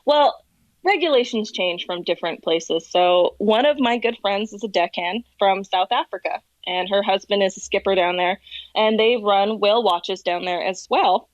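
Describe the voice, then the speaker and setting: A woman guest on a chatty podcast, spinning boat stories with animated energy and frequent laughs. Her voice sits at an ordinary middle pitch. The sound is close and dry, with no room around it. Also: normal speed, dry recording, highs cut off. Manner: animated storyteller, laughs often. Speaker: whale watching tour guide, podcast guest. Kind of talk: casual chat, storytelling.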